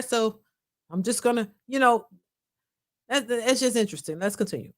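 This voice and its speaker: Opinionated woman host, lively pitch. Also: moderate pace. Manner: blunt, opinionated, repeats herself. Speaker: reaction channel host. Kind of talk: casual commentary on a clip.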